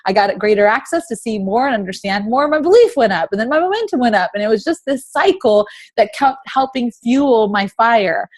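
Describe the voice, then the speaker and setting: A woman in her thirties leading a motivational team call over video chat, full of rhetorical questions. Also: fairly high pitch. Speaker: team leader.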